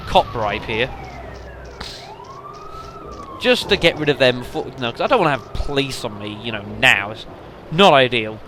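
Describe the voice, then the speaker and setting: A young man with a mid-range, fairly bright voice rambles casually through commentary on the game he's playing, full of fillers and sudden exclamations. There's a little hiss or hum on the recording, and he comes across as a let's play commentator.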